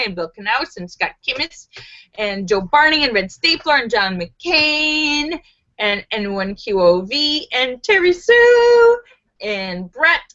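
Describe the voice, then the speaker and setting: Giggly woman livestream host, high lively voice, slow unhurried delivery, lo-fi sound. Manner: giggly, laughs often. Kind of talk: casual live joke reading.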